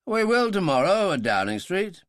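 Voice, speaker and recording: A man's voice: high-pitched, very animated, normal speed, fairly bright tone, no echo, pitched above the performer's own voice. A man voicing a composed older general who speaks in a clipped, dry way.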